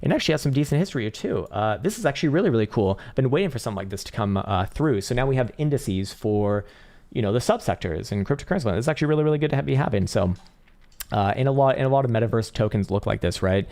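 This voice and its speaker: A man with a medium-pitched, slightly mellow voice talks very fast and animatedly, with vocal fry. He hosts a casual crypto chart livestream, rambling and swearing with plenty of fillers, sounding strained and tired.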